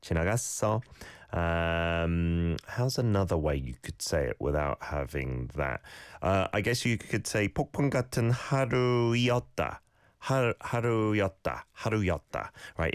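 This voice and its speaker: A man hosting a radio show who coaches listeners' pronunciation, patiently repeating sounds slowly and explaining small corrections. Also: deep voice, no room sound, studio quality. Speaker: radio host teaching Korean. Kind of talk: casual radio talk with language tips.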